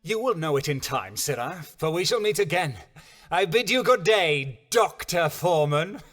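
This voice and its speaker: A man's voice: a little high, lively intonation, moderate pace, fairly bright tone, faint music behind. An actor playing a scheming man posing as an Italian merchant, with a put-on Italian accent and theatrical, old-fashioned speech. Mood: haughty. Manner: theatrical, mock-Elizabethan speech.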